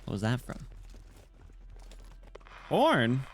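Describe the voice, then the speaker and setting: Young British male streamer, loose and playful, mid-pitched, dry close mic, faint music under. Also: huge pitch swings, extremely slow, no echo. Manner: rambling and playful, frequent throat clearing. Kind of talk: casual live-stream chat while reading game dialogue.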